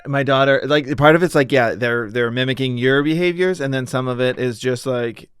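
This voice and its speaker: A man's voice: mid-range voice, moderate pace, a bit bright, clear, resonant tone, no room sound, studio quality. A man, a father and podcast co-host, chatting candidly about parenting and telling stories. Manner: candid, storytelling with quoted voices. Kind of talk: casual chat.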